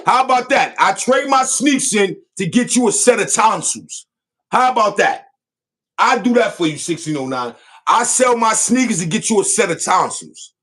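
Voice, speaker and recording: High-pitched guy roasting someone on his show, loud and mocking, voice all over the place. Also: lively intonation, moderate pace. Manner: loud, mocking, repeats catchphrases. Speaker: online show host. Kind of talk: comedic roast rant.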